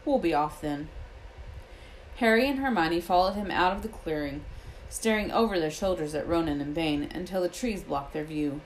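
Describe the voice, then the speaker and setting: A woman reading a novel aloud as an audiobook, expressive and switching between character voices. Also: lowish voice, fairly quick, few pauses, a little hiss or hum, poor audio. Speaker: reader.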